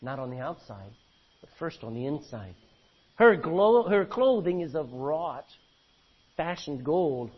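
A man pastor preaching a sermon, reading old-fashioned scripture aloud and swinging between loud emphasis and low, quiet lines. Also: very animated, measured pace, slightly rough. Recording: dull lo-fi recording.

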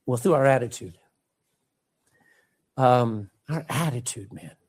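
A man's voice: medium pitch, lively intonation, slow, darkish tone. A man preaching a sermon, reading scripture and calling out emphatically to his congregation.

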